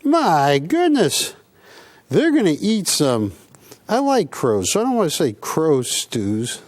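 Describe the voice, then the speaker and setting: A man with a high, very lively voice hosts a live coin sales broadcast, bouncing between price pitches and playful teasing. His delivery swings up and down as he jokes with the crew and viewers. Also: slow. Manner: joking, animated salesman banter. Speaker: coin sales show host.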